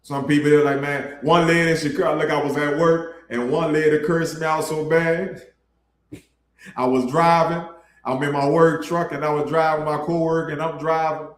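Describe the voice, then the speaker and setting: A man's voice: a little high, flat delivery, normal speed, a little hiss or hum. Blunt street preacher man, echoey room. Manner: blunt, preachy, colloquial, addresses listeners as bro. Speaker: street preacher hosting an online ministry. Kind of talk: casual street sermon.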